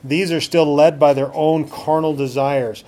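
A man's voice: fairly high pitch, steady tone, unhurried, warm tone. A man preaching a sermon as a pastor, often asking the congregation rhetorical questions.

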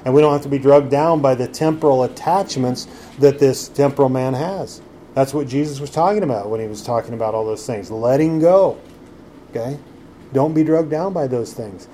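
A man's voice: medium pitch, moderate pace, dark tone, a little hiss or hum. A man preaching a sermon in a conversational way, full of rhetorical questions. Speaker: pastor.

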